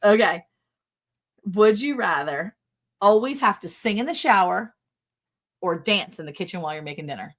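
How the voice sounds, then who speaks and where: A woman's voice: medium pitch, animated, normal speed, pauses often, a bit bright. A middle-aged woman co-hosting a casual livestream, giggling often and reading viewer comments aloud. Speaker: livestream co-host.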